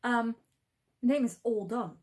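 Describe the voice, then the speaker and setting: A woman's voice: on the high side, a little slow, darkish tone, natural voice. A woman voicing a greedy, sly male cat who lies in an offhand, matter-of-fact way.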